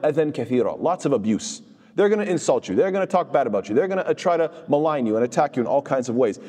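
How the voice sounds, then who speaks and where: Quick-talking man teaching Quran commentary. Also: mid-range voice, long reverb tail. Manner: lively, asks rhetorical questions and answers them himself; mixes recited Arabic verses into English explanation. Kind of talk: conversational religious lecture.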